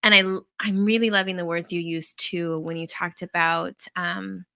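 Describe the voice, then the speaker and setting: Bright-toned woman, reflective co-host. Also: lowish voice, steady tone, moderate pace, no echo. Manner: warm, reflective, affirming listener. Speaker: podcast co-host. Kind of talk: casual chat.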